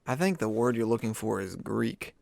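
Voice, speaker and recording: A man's voice: fairly low pitch, lively intonation, moderate pace, vocal fry, a little mellow. A man co-hosting a podcast in casual chat, exaggerating dramatically and laughing often. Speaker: podcast co-host.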